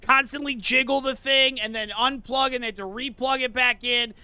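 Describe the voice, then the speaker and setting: A man's voice: extremely high pitch, fairly even intonation, moderate pace, bright, forceful tone, clean tone, no room sound. A man narrating a comedic tabletop game as dungeon master, rambling and jokey with many restarts.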